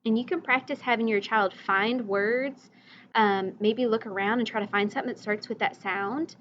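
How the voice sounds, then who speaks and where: A woman teacher giving a recorded reading lesson, slowly modeling vocabulary words and letter sounds for young children and their parents. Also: a little high, steady tone, fairly bright tone, muffled recording, slight background noise.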